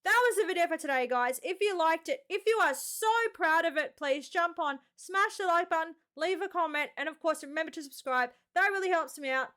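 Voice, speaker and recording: Excitable Australian woman, reaction host, pitched very high; chatty and exclamatory. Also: brisk, few pauses. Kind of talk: casual reaction commentary.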